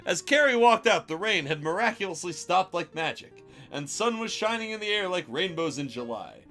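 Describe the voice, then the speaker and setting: A man streaming a comedic reading of fanfiction, delivering it with amused deadpan. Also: high-pitched, moderate pace, faint music behind.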